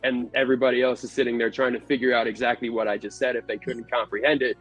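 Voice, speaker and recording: A man who works as a haunt actor and manager, giving measured, blunt advice in a casual livestream chat. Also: mid-range voice, flat delivery, fairly bright tone, faint music behind, poor audio.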